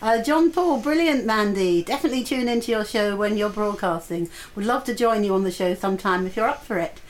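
A woman's voice: medium pitch, brisk, rough recording. A woman presenting a live radio show, chatting casually, laughing often and reading out listener messages.

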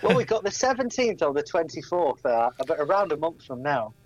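A man's voice: on the high side, big pitch swings, a little fast, dull audio. A man chatting as a guest on a radio show, laughing often. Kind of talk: casual radio banter.

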